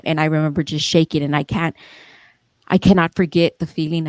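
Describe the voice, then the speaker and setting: A young woman hosts a podcast and looks back on her year in a low, raw voice. She rambles, restarts her sentences and swears freely, and the sound is close and dry. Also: steady tone, a little fast, a little mellow, no room sound. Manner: emotional, rambling, with frequent restarts and fillers. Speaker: podcast founder and host. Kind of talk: reflective casual talk.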